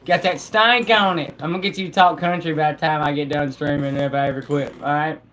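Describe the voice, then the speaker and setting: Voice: mid-range voice, fairly even intonation, brisk, a bit bright. A live streamer chatting casually with viewers in a laid-back, slangy way and laughing often.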